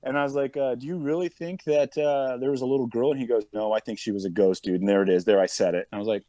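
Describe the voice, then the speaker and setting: A man's voice: medium pitch, quick pace, dry recording. A man telling a story in casual chat, acting out the people in it as he goes. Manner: animated, acts out quotes of others. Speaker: podcast guest, police officer.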